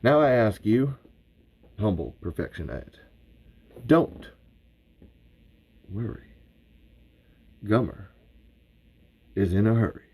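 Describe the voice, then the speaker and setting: A man's voice: fairly low pitch, expressive, slow, long pauses, a little mellow, full character voice. A man voicing a boastful, paranoid middle-aged survivalist in an improvised livestream, with a blustery, folksy drawl that slips toward Southern.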